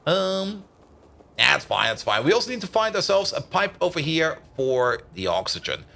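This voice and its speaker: Lively bright-voiced man streaming a game. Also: a little high, normal speed, creaky. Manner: rambling, chatty, heavy on "like" and "uh"; thinks aloud while building, answers chat. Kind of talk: casual gameplay commentary.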